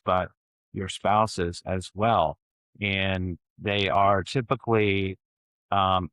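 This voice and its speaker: Podcast guest, male academic, lowish voice, measured explanatory delivery, close dry mic. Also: fairly bright tone, no room sound, low-quality recording. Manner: measured, explanatory, with frequent restarts. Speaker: communication scholar, podcast guest. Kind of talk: reflective conversational explanation.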